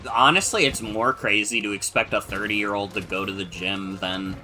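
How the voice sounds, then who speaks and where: A man's voice: fairly low pitch, level tone, normal speed, pushed and bright. A man chatting casually and upbeat while playing a co-op game with a friend, swearing offhand. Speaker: co-op gaming friend. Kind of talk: casual gameplay chat.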